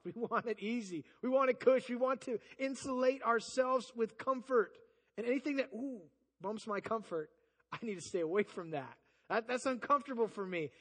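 A man preaching a sermon, animated, swinging from loud emphasis to quiet passages and acting out quoted voices. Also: sits high, in a large hall. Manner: acts out quoted voices and asides. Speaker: pastor.

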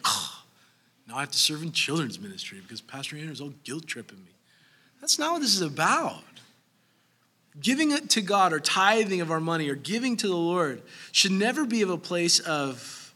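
A man in his thirties preaching a sermon as pastor, animated, breaking into acted asides. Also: sits high.

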